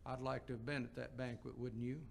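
Gravelly-voiced male preacher. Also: mid-range voice, flat delivery, brisk, a little hiss or hum. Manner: expository preaching with scripture quotes and rhetorical questions. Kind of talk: sermon.

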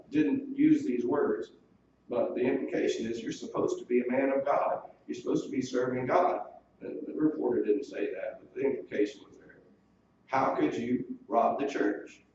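A man's voice: medium pitch, normal speed, mellow. A male pastor preaching a sermon, earnestly explaining scripture and quoting it in old wording. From United States. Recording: distant mic in a very echoey room, dull lo-fi sound, faint hiss.

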